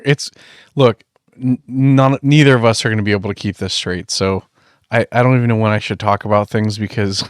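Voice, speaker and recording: A man co-hosting a podcast, quick and amused, chiming in on a movie recap. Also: on the low side, dry recording, studio quality. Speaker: podcast co-host. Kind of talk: casual movie chat.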